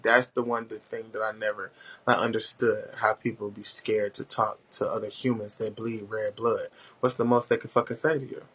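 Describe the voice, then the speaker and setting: A man hosting a casual chat, telling stories in a loud, profane, animated way with big jumps in pitch. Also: moderate pace, slightly rough. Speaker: host.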